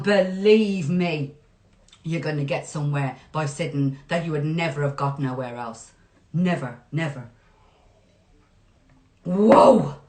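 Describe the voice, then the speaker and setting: A woman giving an excitable, spiritual tarot reading and talking straight to her viewers. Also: medium pitch. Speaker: tarot reader. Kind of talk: enthusiastic tarot reading to camera. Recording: roomy echo.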